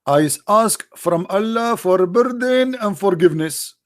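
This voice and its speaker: A man putting on the voice of a pleading, whiny man who begs his god for pardon in a raised, drawn-out voice. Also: high-pitched, expressive.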